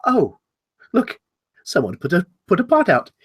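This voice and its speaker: A man's voice: mid-range voice, animated, fast, a bit bright, husky. A man voicing a flustered, forgetful human host who stammers and apologizes.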